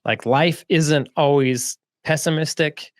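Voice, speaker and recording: Dude voicing fed-up dad, slangy and casual, dry sound. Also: male voice, a little high, takes it slowly, dry recording. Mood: exasperated. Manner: casual, laid-back, slangy. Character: exasperated dad of twin boys.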